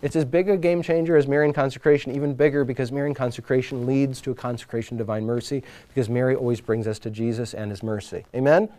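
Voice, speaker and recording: A man giving a talk at a faith retreat, telling stories in an animated, informal way, shifting between loud and hushed and often restarting his sentences. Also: mid-range voice, quick pace, hardly any pauses. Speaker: retreat speaker. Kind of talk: retreat talk to a live group.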